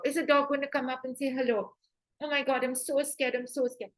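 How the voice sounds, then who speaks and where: A woman's voice: a little high, fairly bright tone. A middle-aged woman, giving a webinar lecture as a dog trainer and talking earnestly and emphatically. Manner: earnest, emphatic, voices dogs' thoughts in quotes.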